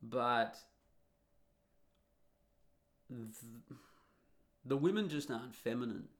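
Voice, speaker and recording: A man's voice: mid-range voice, animated, a little slow, a bit bright. An Australian man with an Australian accent, giving a blunt, rambling solo monologue full of fillers and restarts. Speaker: vlogger.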